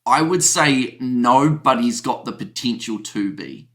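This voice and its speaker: A man's voice: mid-range voice, lively intonation, unhurried, fairly bright tone. A man co-hosting a casual podcast chat over a video call, talking in an easygoing way full of "you know". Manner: chatty, uses "you know" a lot. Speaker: podcast co-host.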